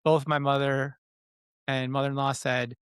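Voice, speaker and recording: A man's voice: mid-range voice, little pitch movement, clear, resonant tone, dry recording, clean studio sound. A man in his thirties, a podcast guest, talking casually and often restarting his sentences. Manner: halting, many restarts. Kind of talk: casual conversation.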